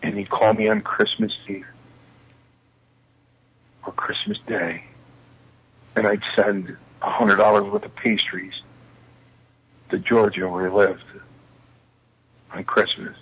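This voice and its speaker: A man's voice: fairly low pitch, takes it slowly, gravelly, long pauses, breathy edge, muffled recording. A man, a retired pro wrestler, telling stories in an interview and acting out the dialogue of the people in them. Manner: lively anecdotes, acting out quoted dialogue. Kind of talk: shoot interview storytelling.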